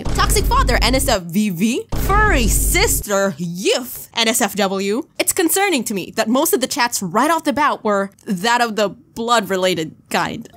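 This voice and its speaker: A woman hosting a comedic vlog, joking and animated as she comments on chatbot conversations. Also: fairly high pitch. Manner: animated, joking, reads chat lines aloud. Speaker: YouTuber host.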